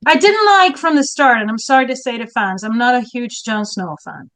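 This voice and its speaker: A woman guest historian in lively casual chat who laughs often and restarts her words. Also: fairly high pitch, moderate pace.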